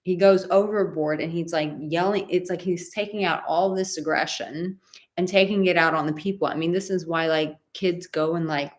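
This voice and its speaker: A woman's voice: lowish voice, steady tone, moderate pace. A woman dating coach giving emphatic, rambling advice in a live stream, often going off on tangents.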